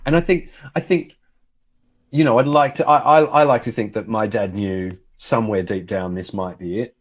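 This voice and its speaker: Middle-aged guy chatting, lowish voice, reflective storyteller. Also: normal speed, slightly rough. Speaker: TV host. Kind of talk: casual conversation.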